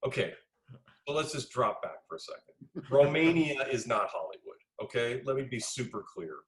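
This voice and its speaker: A middle-aged man, a film director being interviewed, telling lively anecdotes and acting out the dialogue he quotes. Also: mid-range voice, moderate pace, poor audio. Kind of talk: casual interview storytelling.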